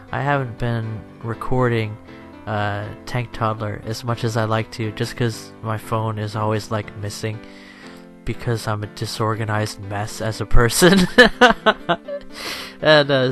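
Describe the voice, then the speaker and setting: A man's voice: medium pitch, a bit bright. A tired young man chatting over gameplay as a channel host, rambling and self-deprecating, laughing often.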